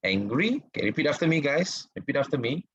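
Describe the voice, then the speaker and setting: A man's voice: mid-range voice, big pitch swings, fast talker, highs cut off, slight background noise. A man with a Malaysian English accent teaching vocabulary, mixing English and Malay and having listeners repeat words after him. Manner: mixes English and Malay mid-sentence. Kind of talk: bilingual vocabulary lesson.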